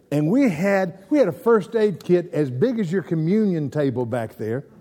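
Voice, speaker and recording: A man's voice: fairly high pitch, mellow, in a large hall. A man preaching a folksy sermon, telling stories and asking the congregation questions. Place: church.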